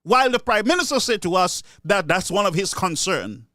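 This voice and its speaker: A man's voice: high voice, lively intonation, brisk, sharp tone, dry recording, studio quality. A man with a Caribbean English accent delivering an indignant, repetitive political rant as a solo commentator. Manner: indignant, ranting, repeats himself. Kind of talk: solo opinion monologue.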